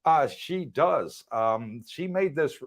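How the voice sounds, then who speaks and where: A man's voice: fairly high pitch, expressive, slow. A middle-aged man with an English accent, hosting a casual livestream and reading out viewer comments in a chatty, teasing way. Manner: chatty, teasing, laughs often.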